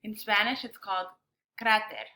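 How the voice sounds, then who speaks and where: A woman teacher leading a bilingual science lesson for children, speaking slowly and clearly with an encouraging classroom manner. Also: medium pitch, pushed and bright, a little hiss or hum.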